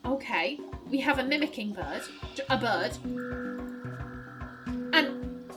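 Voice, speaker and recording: A woman's voice: fairly high pitch, expressive, slow, pauses often, music in the background. A woman hosting a puzzle game let's play, reading clues aloud and musing as she works them out, laughing easily.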